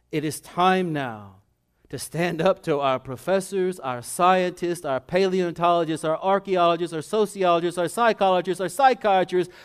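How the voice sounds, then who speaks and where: A man preaching a sermon as pastor, building to loud, impassioned crescendos and then dropping to hushed, low asides. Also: moderate pace, clean tone.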